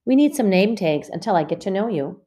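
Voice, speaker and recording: A woman reading aloud and voicing a cheerful, joking woman schoolteacher in a brisk, jolly manner. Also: mid-range voice, lively intonation, warm tone, pitched above the performer's own voice, lightly acted.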